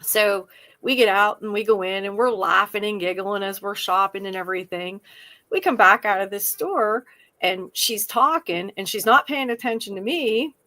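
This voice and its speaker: A woman's voice: medium pitch, normal speed, pushed and bright. A middle-aged woman co-hosting a podcast, telling a story in casual chat and laughing through it. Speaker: podcast co-host.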